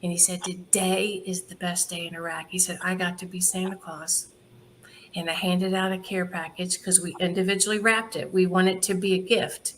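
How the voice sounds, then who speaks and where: A woman's voice: fairly low pitch, moderate pace, a little hiss or hum. A middle-aged woman, a charity founder, telling stories in a casual interview, laughing often and acting out the people she quotes. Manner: lively anecdotal, laughs often, acts out quoted dialogue.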